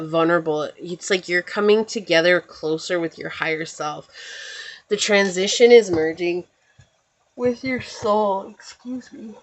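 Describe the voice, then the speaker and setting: Chatty, reassuring tarot reader woman. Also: deep voice. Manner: chatty and meandering, often checking in with "right?". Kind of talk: casual spiritual tarot reading.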